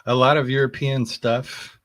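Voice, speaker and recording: A man speaking as a guest in a relaxed conversation, his voice sitting in an ordinary middle pitch. He talks earnestly and keeps circling back, restarting his sentences while he hunts for the right words. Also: measured pace, no room sound. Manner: rambling and searching for words, with frequent restarts; earnest and enthusiastic, with loud bursts of laughter. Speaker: podcast guest. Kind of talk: casual conversation.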